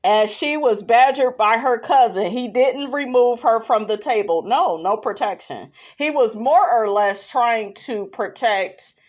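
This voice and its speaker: A woman podcast host in a sassy, animated casual commentary, reading viewer comments and calling her listeners honey. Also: fairly high pitch, measured pace, hardly any pauses, muffled recording.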